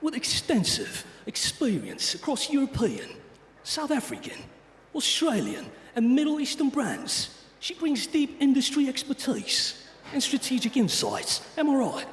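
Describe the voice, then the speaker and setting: A man putting on a gruff British tough guy. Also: very high-pitched, wildly swooping pitch, measured pace, hardly any pauses, pitched above the performer's own voice, exaggerated voice. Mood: mock-gruff. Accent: put-on British. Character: gruff British action-hero man impression. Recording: echoey hall with long reverb.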